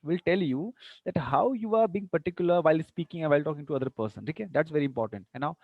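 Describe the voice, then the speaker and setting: Teacher, slightly high voice, dry close mic, keeps asking if students follow. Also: male voice, animated, quick pace, gravelly, no room sound, phone-quality sound. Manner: repeats example sentences with stress, checks students often. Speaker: English teacher. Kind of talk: online class lecture.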